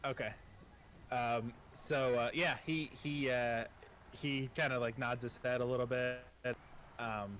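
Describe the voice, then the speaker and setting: A man's voice: medium pitch, steady tone, a little slow, a bit bright. A man narrates as game master in loose, casual speech full of fillers and cheerful swearing. His voice sits mid-range, with a faint background hiss. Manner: casual, profane, self-deprecating, many fillers.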